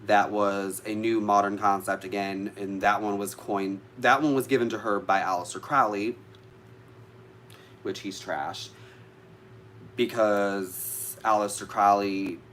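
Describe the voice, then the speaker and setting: A man's voice: fairly low pitch, fairly even intonation, unhurried, a bit bright, slight background noise. A man vlogging casually to live viewers about witchcraft, chatty and easily sidetracked, swearing now and then.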